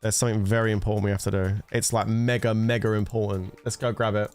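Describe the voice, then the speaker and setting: A man's voice: lowish voice, flat delivery, fast, a little mellow, clean tone, soft background music. A man chatting casually with viewers on a gaming livestream, teasing and bantering with some swearing. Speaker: gaming streamer.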